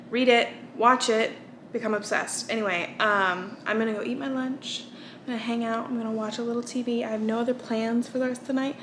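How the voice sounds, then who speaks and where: A woman's voice: on the high side, background noise. Tired, chatty American woman vlogger. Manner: rambling, with fillers and restarts. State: tired from little sleep. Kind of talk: casual chat.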